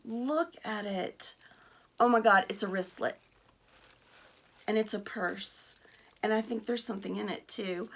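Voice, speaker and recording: A woman vlogger chatting casually while unboxing gifts, gushing and excitable, exclaiming and laughing often. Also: mid-range voice, unhurried, creaky, long pauses. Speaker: vlogger opening mail.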